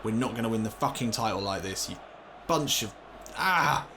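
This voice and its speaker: A young man commentating his own football video game, getting excited and swearing when things go wrong. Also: lowish voice, moderate pace, noisy background. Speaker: gaming commentator. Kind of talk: let's play commentary.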